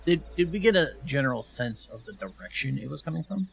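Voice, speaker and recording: A man's voice: fairly high pitch, expressive, fairly quick, vocal fry. Direct male player, music behind. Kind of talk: casual game talk.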